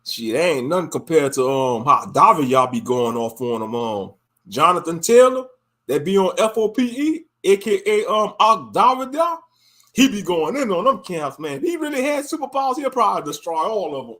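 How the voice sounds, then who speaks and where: A man's voice: high voice, big pitch swings, normal speed, fairly bright tone. A man hosting a casual livestream talk who speaks in a laid-back, slangy way and laughs often. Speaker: host.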